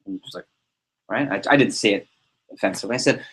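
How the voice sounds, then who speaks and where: Energetic man giving a motivational talk. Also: lowish voice, fast talker, slightly rough. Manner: energetic, repeats himself, tells anecdotes. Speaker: team leader running a sales prep meeting.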